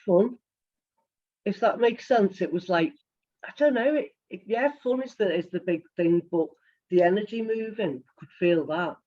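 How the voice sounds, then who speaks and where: Hesitant participant with a mellow voice. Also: mid-range voice, normal speed. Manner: hesitant, searching for words. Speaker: group participant. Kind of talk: sharing feelings in a group call. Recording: muffled video call audio.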